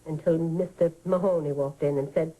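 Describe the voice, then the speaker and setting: A woman's voice: low voice, steady tone, normal speed, dark tone, poor audio. A woman playing an elderly woman who tells a childhood tale to children in a radio drama, talking fondly and vividly, sighing as she goes. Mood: warm reminiscing. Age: older. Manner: fond, vivid storytelling with sighs. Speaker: storyteller.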